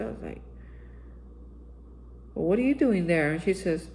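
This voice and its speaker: A woman's voice: lowish voice, animated, normal speed, creaky, long pauses, a little mellow, low-quality recording. A woman hosting a daily reflection channel, telling an earnest personal recovery story and acting out her own past lines. She is from Texas.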